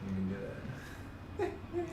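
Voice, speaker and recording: A man's voice: fairly low pitch, wildly swooping pitch, slow pace. A young man streaming a racing game, ranting and joking with sarcastic, profane asides. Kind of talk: casual gaming commentary. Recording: echoey room, distant mic, faint noise.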